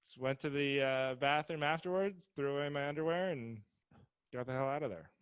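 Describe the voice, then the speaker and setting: A comedian and podcast co-host telling a rambling, self-deprecating story in casual chat. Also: male voice, mid-range voice, fairly quick, clean tone, no echo. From Seattle area.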